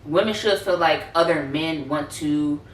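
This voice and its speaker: Female co-host, very low pitch, earnest rambling chat, far from the mic in a roomy space. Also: measured pace. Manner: earnest, rambling, many fillers. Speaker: podcast co-host. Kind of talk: casual conversation. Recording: roomy, distant, faint noise.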